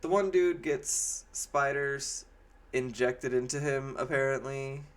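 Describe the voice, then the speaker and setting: A man's voice: medium pitch, fairly even intonation, slow pace. A man giving a casual, rambling movie review with a sarcastic edge, often slipping into mocking quoted voices.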